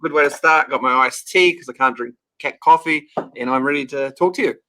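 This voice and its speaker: A man's voice: on the high side, brisk, bright, forceful tone. Upbeat New Zealand man telling stories. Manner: upbeat, joking, storytelling. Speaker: guest. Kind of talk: casual interview chat.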